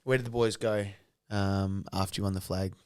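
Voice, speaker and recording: A man's voice: sits low, steady tone, moderate pace, a little mellow, smooth. A man co-hosting a podcast, chipping in with short, cheeky quips. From Australia. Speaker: podcast co-host. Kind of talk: casual interview chat.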